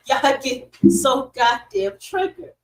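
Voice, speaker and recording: A middle-aged woman hosting a podcast, ranting in casual, profane commentary with sudden loud swings and a dry throat. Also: high-pitched, extremely slow, gravelly, poor audio. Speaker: podcast host.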